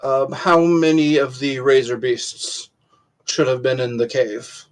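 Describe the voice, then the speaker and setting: Man, tabletop player, medium pitch, asks questions, offers suggestions. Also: level tone, takes it slowly. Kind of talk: casual tabletop play.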